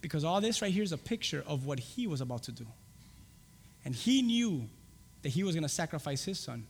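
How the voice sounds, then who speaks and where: High-voiced preacher in a ringing hall. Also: male voice, big pitch swings, brisk, gravelly, slightly rough. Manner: swings from loud preaching to hushed whispers. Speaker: pastor. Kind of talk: sermon. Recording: long hall reverb.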